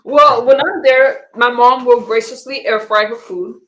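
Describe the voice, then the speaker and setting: A chatty woman hosting a live stream, her voice sitting fairly high. She rambles through casual talk and laughs easily. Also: measured pace, fairly bright tone, a little hiss or hum. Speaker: streamer host.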